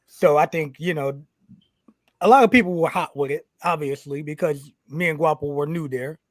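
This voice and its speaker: Animated man telling a profane wrestling story. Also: fairly high pitch, normal speed, dry recording. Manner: animated, swears constantly, acts out quoted exchanges. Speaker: pro wrestler podcast co-host telling a story.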